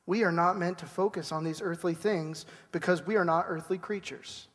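High-voiced pastor preaching in a reverberant hall. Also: male voice, steady tone, moderate pace, a bit bright. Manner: conversational preaching with mimicked quotes. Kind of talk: sermon.

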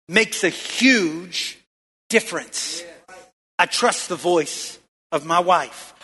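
A man's voice: high-pitched, fairly bright tone, husky, big-room sound. A male pastor preaching a sermon in a church, throwing questions out to the congregation and calling for answers.

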